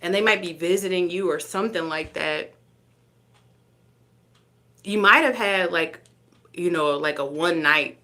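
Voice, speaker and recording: A woman's voice: lowish voice, a little slow, pauses often, bright, forceful tone. A woman reading tarot live, chatty and teasing, often laughing between cards. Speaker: tarot reader.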